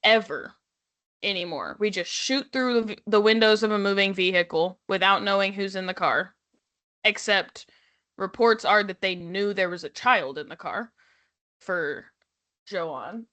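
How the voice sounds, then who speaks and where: A woman's voice: mid-range voice, a little slow, pushed and bright. A woman co-hosting a casual podcast, talking in a hesitant way with lots of fillers. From United States. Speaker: podcast co-host.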